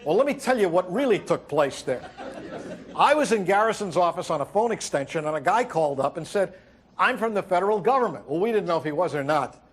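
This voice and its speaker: A man delivering a wry stand-up monologue as host, telling stories and acting out quotes with halting fillers. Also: sits high, lively intonation, husky. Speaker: comedian host. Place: TV studio with audience.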